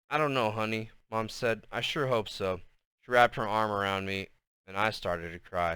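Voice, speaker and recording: A man reads a novel aloud at an easy pace, now and then tripping on a word. His voice is bright and smooth. The recording is dry and close. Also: fairly low pitch, animated, no echo. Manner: unhurried reading with small slips. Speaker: reader.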